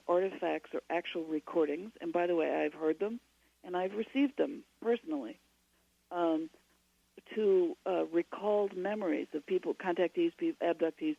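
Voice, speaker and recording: A woman's voice: sits low, gravelly, highs cut off. A woman, a guest author on a radio interview, giving long and digressive explanations.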